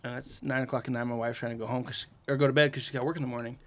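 Young male podcast host, lively storyteller, acts out quotes, garage podcast mic. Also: mid-range voice, rapid-fire. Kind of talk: casual storytelling.

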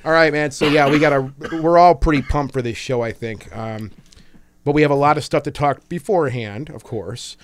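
A man's voice: mid-range voice, moderate pace, no room sound. A man co-hosting a podcast in casual, joking chat, laughing often. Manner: laughs often, loose and jokey. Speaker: podcast co-host.

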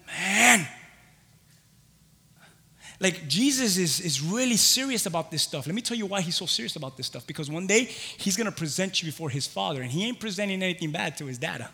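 A man preaching a sermon excitedly, swinging from quiet talk to shouting. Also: sits high, a little fast, gravelly, big-room sound. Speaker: pastor.

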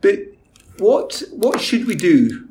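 A man's voice: high voice, very animated, slow pace, a little mellow, a little hiss or hum, rough recording. A man in his forties hosting a podcast in casual, self-mocking chat with lots of restarts. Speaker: podcast host.

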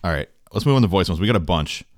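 A very deep-voiced man hosting a podcast. He talks casually and profanely and rambles through stories with animated bursts. The sound is dry and close. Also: very fast, no room sound. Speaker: podcast host.

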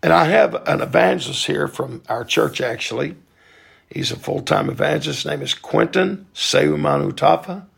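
Very gravelly, husky-voiced pastor man. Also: a little high, moderate pace. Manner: warm, appreciative introducing. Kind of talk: church introduction.

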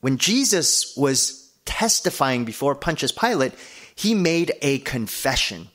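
A man's voice: medium pitch, very animated, a little slow, a bit bright. A man, a pastor, preaching an earnest sermon and building emphasis through repeated lists.

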